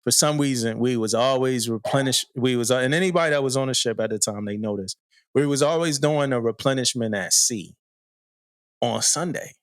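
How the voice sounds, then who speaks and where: A man's voice: medium pitch, brisk, dry recording, studio quality. A man, a podcast co-host, telling a story in a loose, slangy way, often laughing and asking "you know what I mean". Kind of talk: casual storytelling chat.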